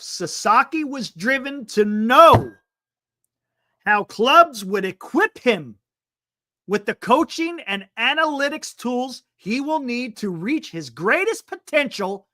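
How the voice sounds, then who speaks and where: Animated man reading and riffing. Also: extremely high pitch. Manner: breaks off reading for quick excited asides. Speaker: sports talk show host. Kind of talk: livestream sports talk, reading an article aloud. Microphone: streaming setup microphone.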